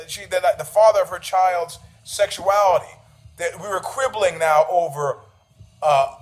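A middle-aged man telling a story in a casual rant, profane and sarcastic, needling people and laughing at his own jokes. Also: high-pitched.

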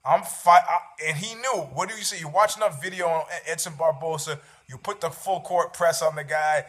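A man's voice: on the high side, fairly quick, fairly bright tone. A man, hosting a show, rambling about fights with sarcasm and freely dropping swear words. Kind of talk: casual chat about fights.

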